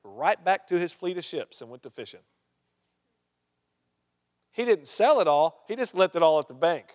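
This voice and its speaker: A man preaches a sermon, reading Bible verses aloud and stopping to quiz and joke with the congregation. His voice sits on the high side for a man. It rings out with the long reverb of a big hall. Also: very animated, moderate pace, a little mellow. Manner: reads scripture, then asks the crowd questions and jokes. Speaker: pastor.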